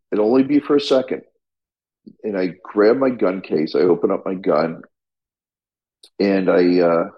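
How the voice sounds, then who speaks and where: A man's voice: deep voice, muffled recording. A middle-aged man, a firefighter and paramedic, tells his story in an interview in a raw, blunt way, swearing freely and restarting his sentences.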